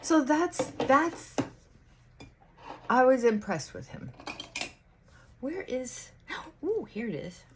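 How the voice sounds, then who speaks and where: A woman chatting casually to camera while getting ready, musing aloud with pauses and restarts. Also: a little high, huge pitch swings, a little hiss or hum. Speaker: vlogger. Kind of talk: casual get-ready-with-me chat.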